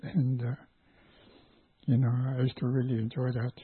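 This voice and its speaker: An older man with a husky, breathy voice gives a halting personal testimony, stopping and restarting as he goes. The sound is tinny and narrow, like a phone line, and dry with no room around it. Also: medium pitch, monotone, no room sound. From Canada, Vancouver Island. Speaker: church guest giving testimony.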